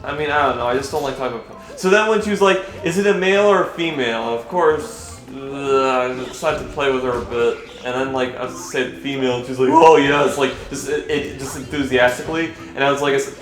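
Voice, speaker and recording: Fairly quick and with hardly any pauses, this young man's mid-range voice runs over the game he's playing for his vlog. He's hesitant and rambling, keeps restarting, and curses when annoyed, all in a room-echo recording with faint game music behind him.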